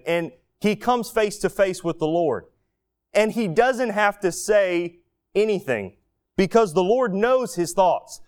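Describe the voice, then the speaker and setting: Male preacher, fairly high voice, very animated delivery, storytelling sermon style. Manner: vivid storytelling, acting out inner thoughts. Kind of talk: expository sermon.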